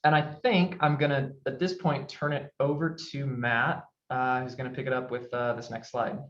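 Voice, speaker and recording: A man presenting research in a webinar, halting with frequent fillers. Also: mid-range voice, flat delivery, a bit bright, echoey room, muffled recording.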